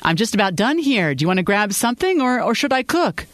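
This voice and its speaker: A narrator voicing a young man, an easygoing husband who talks in a gently teasing way. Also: mid-range voice, big pitch swings, quick pace, no echo, voice pushed up.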